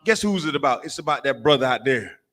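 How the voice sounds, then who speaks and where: A man's voice: medium pitch, quick pace. A man preaching a fiery street-style sermon, swearing freely and firing off rhetorical questions and call-and-response. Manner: animated, mimics crying and barking for laughs. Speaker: preacher of a religious camp.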